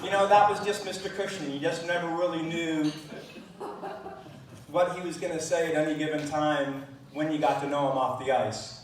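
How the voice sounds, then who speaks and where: A middle-aged man speaking at a memorial gathering, reminiscing with frequent pauses and fillers. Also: on the high side, fairly even intonation, a little hiss or hum. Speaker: eulogy speaker. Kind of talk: memorial speech. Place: large room at a gathering. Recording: distant mic in echoey room.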